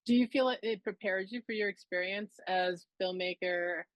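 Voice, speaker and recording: A woman hosting an interview, asking follow-ups and affirming often as she listens. The sound is dry and close, with no room echo, and her voice sits at a middle pitch. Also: normal speed. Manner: attentive, frequent short affirmations. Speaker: interview host. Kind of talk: casual interview conversation.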